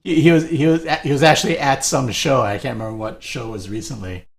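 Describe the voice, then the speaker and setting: A man's voice: mid-range voice, fairly even intonation, fast talker, gravelly, crowd noise. A man co-hosting a live painting stream, chatting casually, laughing often and greeting viewers by name.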